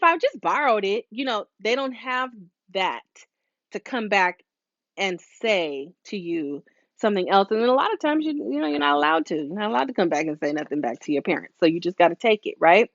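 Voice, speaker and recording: A hair stylist hosts a live motivational talk, speaking casually and a bit preachily, full of fillers and asides, and acting out the voices she quotes. Her voice is mid-range, and the lo-fi recording has no echo.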